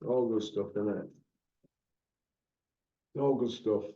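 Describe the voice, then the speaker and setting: A man's voice: on the low side, steady tone, slow, dark tone. A man hosting a casual chat, full of teasing, laddish banter. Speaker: host. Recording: roomy, dull lo-fi sound.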